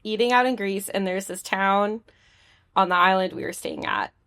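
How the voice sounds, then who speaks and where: A woman's voice: mid-range voice, moderate pace, gravelly, fairly bright tone, no echo. A young adult woman from the United States, a podcast guest chatting casually, joking often and leaning on filler words. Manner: giggly, jokey, heavy on filler words. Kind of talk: casual interview chat.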